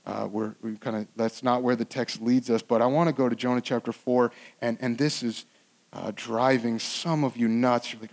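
A pastor preaching a sermon in a conversational, earnest way, with frequent restarts and swings between loud emphasis and hushed asides. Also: male voice, medium pitch, level tone, brisk, creaky.

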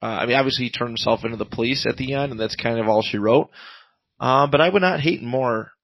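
A podcast co-host who reviews comics recaps a comic's plot in casual, rambling chat, paraphrasing lines and stopping often on ums and uhs. His medium-pitched voice is gravelly with a fry edge, and he talks fast. The sound is close and dry with no room around him, and the highs are cut off.

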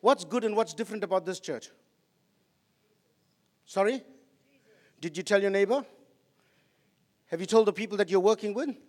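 High-voiced preaching man in a reverberant hall. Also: normal speed, pauses often. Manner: passionate preaching, swinging from loud outbursts to quiet asides. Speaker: pastor. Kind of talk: sermon.

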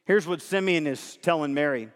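A man preaching a sermon as a pastor, emphatic and conversational, animated in his delivery. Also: on the high side, normal speed. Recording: long hall reverb.

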